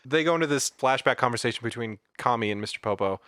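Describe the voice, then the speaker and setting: A man's voice: mid-range voice, quick pace, a bit bright, no echo, clean studio sound. Laughing man recapping a cartoon. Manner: enthusiastic, laughs often. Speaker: podcast co-host. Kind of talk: casual chat recapping an anime.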